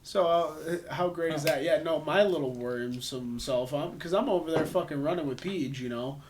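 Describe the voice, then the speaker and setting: A young man co-hosting a casual talk show, chiming in with excitable, profane interjections. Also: on the high side, moderate pace. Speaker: podcast co-host. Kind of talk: casual chat.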